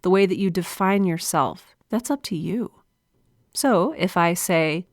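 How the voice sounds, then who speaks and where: Earnest woman podcaster, low and dry. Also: measured pace, no room sound. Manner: earnest, confiding, smiling delivery. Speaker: podcast host. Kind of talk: solo podcast monologue. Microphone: studio microphone.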